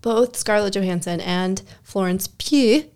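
A woman co-hosting a podcast in casual chat, playful and quick to chime in. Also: medium pitch, a little mellow, clear, resonant tone. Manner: quick agreeing interjections, playful. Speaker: podcast co-host.

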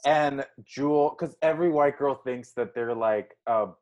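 A man's voice: medium pitch, a little mellow, muffled recording. A man co-hosting a podcast in casual chat, snarky and teasing. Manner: slow, snarky, mocks singers by imitating them. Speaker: podcast co-host.

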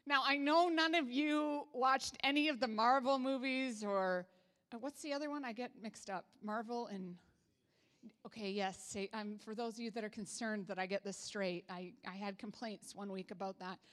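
A woman's voice: a little high, fairly even intonation, moderate pace, a bit bright, big-room sound. A woman pastor from Canada preaching a sermon in a casual, humorous way, with asides to the congregation. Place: church sanctuary.

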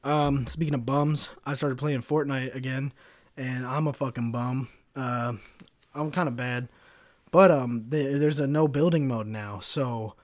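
A man's voice: medium pitch, fairly even intonation, measured pace. A man in his twenties hosting his own podcast alone, rambling loosely, swearing often and laughing at his own jokes. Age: 20s. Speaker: podcast host. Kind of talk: casual solo podcast rant.

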